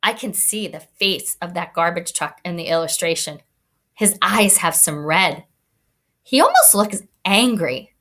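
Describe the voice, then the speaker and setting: A woman's voice: on the low side, big pitch swings, measured pace, pushed and bright. A woman teacher giving a read-aloud lesson to young children, encouraging and thinking aloud as she explains.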